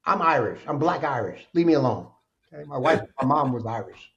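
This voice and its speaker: A man speaking as a podcast guest, telling his life story in an animated, emphatic way. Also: medium pitch, a little fast, vocal fry, dull audio, crowd noise. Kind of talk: candid storytelling interview.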